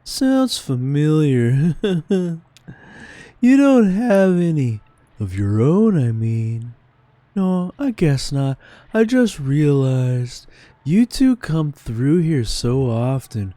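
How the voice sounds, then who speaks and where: A man reading a slow easygoing ferry captain. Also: a little high, big pitch swings, warm tone, no echo, pitched above the performer's own voice, heavily acted. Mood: friendly. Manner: slow, unhurried reading of dialogue. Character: easygoing male ferry captain chatting with passengers. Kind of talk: reading game dialogue aloud.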